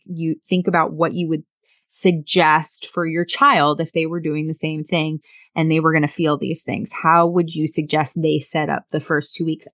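A woman's voice: low voice, no echo, clean studio sound. A middle-aged woman talking earnestly in a casual conversation, often repeating words and acting out lines from family life. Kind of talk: casual conversation about sobriety.

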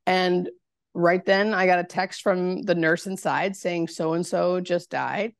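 A woman, a hospice nurse, telling a personal story in a podcast interview, halting and searching for words with many fillers. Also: fairly low pitch, steady tone, no room sound, clean studio sound.

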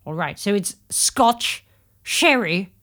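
A woman co-hosting a podcast in casual chat, playful and giggly, telling stories in an animated way. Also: mid-range voice, slow. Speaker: podcast co-host.

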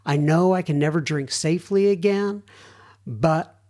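A man's voice: a little high, a little slow, a little mellow. A middle-aged man hosting a recovery podcast, chatting casually and reading listener emails aloud with self-deprecating asides. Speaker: podcast host.

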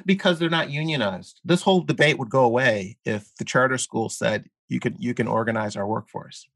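A man speaking as a guest in an interview, explaining his views earnestly while halting often with fillers and repeated words. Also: mid-range voice, creaky, a bit bright, dry recording. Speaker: guest columnist. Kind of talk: conversational interview.

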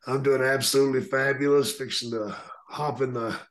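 A man with a relaxed drawl tells stories in a casual interview, chuckling as he goes. His voice sits at an ordinary pitch for a man, easy and unhurried. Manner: laid-back, drawling, laughs while telling stories. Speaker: guest, retired wrestler.

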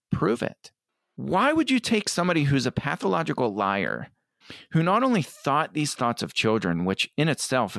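A middle-aged man talking earnestly as an interview guest, often quoting others in quick asides. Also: mid-range voice, vocal fry, fairly bright tone, no room sound, studio quality. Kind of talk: conversational interview.

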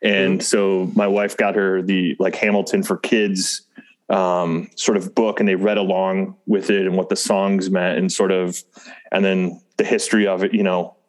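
Low-voiced middle-aged man chatting. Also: level tone, measured pace. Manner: rambling, self-interrupting, chuckles often. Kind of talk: casual chat.

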